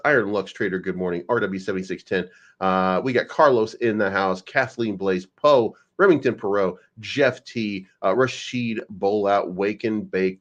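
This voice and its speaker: Brief: male stream host, lowish voice, wisecracking and loose, muffled lo-fi sound. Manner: joking, rambling, swears often. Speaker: crypto live-stream host. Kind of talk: casual livestream commentary.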